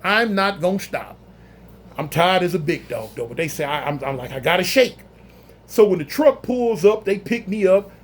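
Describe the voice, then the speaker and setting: A man telling a story in a casual, animated, slangy way, acting out other people's voices. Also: high voice, moderate pace, a little hiss or hum. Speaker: storyteller recounting prison life.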